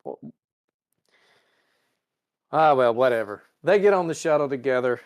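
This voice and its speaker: A man co-hosting a podcast, casually recapping a show and acting out the characters in quick voices. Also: mid-range voice, lively intonation, no room sound, studio quality. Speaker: podcast co-host. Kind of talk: casual chat recapping an episode.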